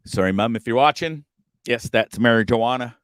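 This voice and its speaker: A man's voice: mid-range voice, normal speed, no room sound, clean studio sound. A man hosting a casual live stream from a campground. He rambles, swears freely, trips over his words, and sounds openly frustrated. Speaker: livestream show host.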